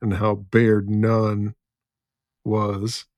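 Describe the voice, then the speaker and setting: A male podcast host with a lowish voice who speaks at a slow, deliberate pace. He reads out memories in a relaxed, chatty way. The sound is dry and close, with no room echo. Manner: unhurried, reads out shared memories with filler ums. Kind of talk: casual interview chat.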